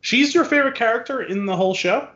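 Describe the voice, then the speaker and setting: A man hosting a podcast in casual chat, animated and retelling scenes with frequent laughs. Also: very high-pitched, fast talker, reverberant, lo-fi sound. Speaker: podcast host.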